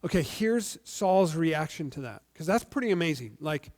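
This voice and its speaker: A male pastor giving a sermon in a conversational, animated storytelling way. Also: a little high, normal speed.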